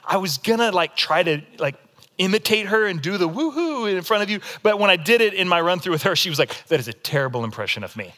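A pastor delivering a sermon in a bright, ringing voice that sits a little high for a man. He tells his stories in a demonstrative, animated way, in what sounds like a church service. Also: brisk.

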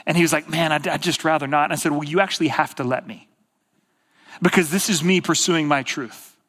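A male pastor speaks in a sermon with an easy, chatty storytelling flow. His voice sits a little high, and a long reverb trails each phrase through the big sanctuary. He swings from emphatic bursts down to near-whispered quiet. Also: fairly even intonation, brisk. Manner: conversational storytelling, rises to emphatic bursts, drops to hushed quiet. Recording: long reverb of a large hall.

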